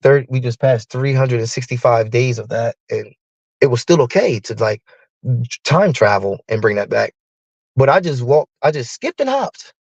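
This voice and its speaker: A man's voice: mid-range voice, moderate pace, vocal fry, dry recording, dull audio. A man ranting in a profane, heated monologue, acting out both sides of an argument with a partner. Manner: profane, heated, animated storytelling. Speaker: live streamer.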